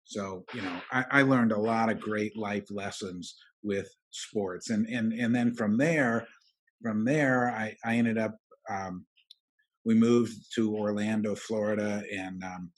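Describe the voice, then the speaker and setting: Homem de fala hesitante, voz grave. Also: male voice, on the low side, fairly even intonation. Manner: halting, many restarts and fillers. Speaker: guest, roofing company president. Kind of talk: interview, storytelling.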